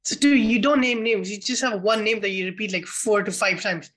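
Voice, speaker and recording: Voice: mid-range voice, brisk, a bit bright. A co-host of a film podcast in casual chat, enthusiastic and profane, retelling scenes by quoting them.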